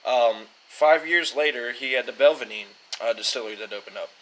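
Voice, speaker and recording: A man's voice: medium pitch, brisk, fairly bright tone, a little hiss or hum, poor audio. A young man casually rambling as host of a whiskey-tasting talk, fumbling names and joking at himself. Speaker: show host.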